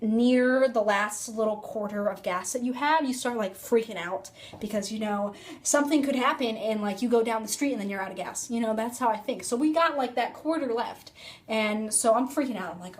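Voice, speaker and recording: Chatty young woman vlogger, high voice, phone-recorded storytime. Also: lively intonation, normal speed. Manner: chatty, rambling, filler-heavy "like". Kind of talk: casual storytime.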